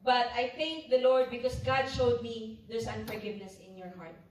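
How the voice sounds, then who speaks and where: A woman's voice: a little high, fairly even intonation, moderate pace. Woman, Filipino accent, earnest confessional testimony, echoey hall, faint room noise. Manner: earnest, confessional, searching for words. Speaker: speaker at a youth retreat. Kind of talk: personal testimony to a youth audience. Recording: echoey hall, mic far off.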